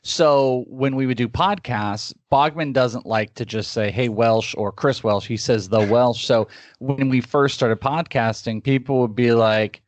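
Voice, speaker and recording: A man's voice: medium pitch, a little slow, no room sound. A man appearing as a guest analyst on a sports podcast, explaining at length with enthusiasm. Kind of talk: casual interview answers.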